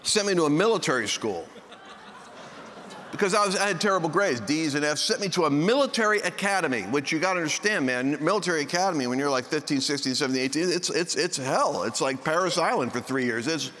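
Male preacher, joking storyteller who acts out quoted voices; forceful tone, faint noise behind. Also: a little high, expressive, fast. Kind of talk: sermon. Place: large meeting hall with a live audience. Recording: long hall reverb, faint background noise.

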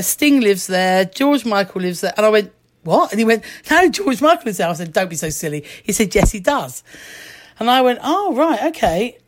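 A middle-aged woman telling a lively anecdote as a guest, laughing often and acting out the voices she quotes. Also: medium pitch. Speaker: actress, guest. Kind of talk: anecdotal chat, storytelling.

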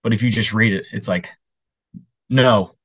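A man's voice: on the low side, quick pace, slightly rough, dry recording. A young man co-hosting a casual podcast, telling stories with animation and acting out other people's voices. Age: young adult. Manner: animated storyteller, puts on voices. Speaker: podcast co-host. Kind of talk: casual chat.

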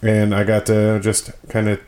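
A man's voice: on the low side, completely flat delivery, normal speed, a little mellow. A man from Michigan hosting a podcast in a casual, rambling way, self-deprecating and full of fillers. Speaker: podcast host.

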